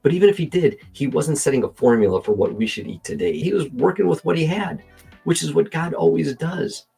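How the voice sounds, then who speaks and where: Gravelly man arguing in a casual reaction commentary. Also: on the high side, brisk, soft background music. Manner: animated, argumentative, talks to himself while editing. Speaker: commentator responding to a video.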